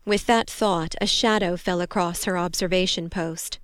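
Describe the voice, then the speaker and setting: A woman reading a war story aloud in steady, measured scripted narration. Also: lowish voice, smooth, dry recording, clean studio sound. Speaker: audiobook narrator.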